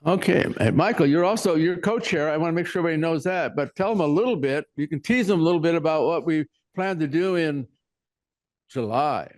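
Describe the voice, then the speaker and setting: A man's voice: on the high side, fairly quick, darkish tone, no echo. Rambling man chairing a meeting. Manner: rambling, with frequent restarts. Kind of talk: casual meeting talk.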